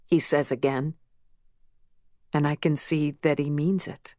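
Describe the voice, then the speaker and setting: A woman narrating an audiobook in a measured, emotional first-person reading. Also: lowish voice, no room sound, studio quality. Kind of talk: scripted narration.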